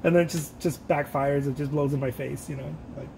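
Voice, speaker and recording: A man's voice: fairly high pitch, steady tone, a little fast, gravelly, few pauses, a little mellow, slight background noise. A man talking casually while he paints, rambling, joking about himself and laughing often. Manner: self-mocking and playful. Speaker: painter hosting his own art channel.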